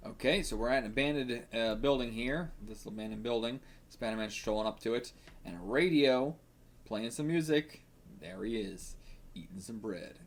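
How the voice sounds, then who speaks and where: A man's voice: medium pitch, normal speed. A man hosting a manga reaction video, talking casually to himself, swearing and laughing often.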